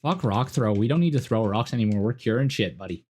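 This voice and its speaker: A man's voice: lowish voice, expressive, fast, a little mellow. A man putting on a crude, rowdy Albertan redneck guy with an Albertan accent, swearing and brash. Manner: brash, profane, slangy.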